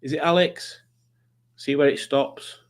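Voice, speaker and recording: A man's voice: fairly high pitch, fairly even intonation, measured pace. A man hosting a live stream, chatting loosely, joking and greeting viewers in the chat. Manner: rambling, jokey, greets the chat. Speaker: livestream host. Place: home streaming setup with lights.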